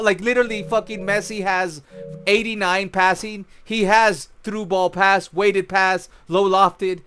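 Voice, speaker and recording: A man's voice: sits high, fairly even intonation, unhurried, bright, forceful tone, clear, resonant tone. A young man streaming a football video game, ranting with frequent swearing in casual commentary. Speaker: gaming streamer.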